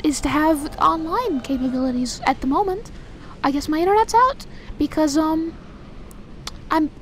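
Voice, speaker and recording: A woman's voice: high-pitched, a little hiss or hum. A young woman doing casual, rambling gameplay commentary, talking to herself and getting exasperated as she plays. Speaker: let's play host.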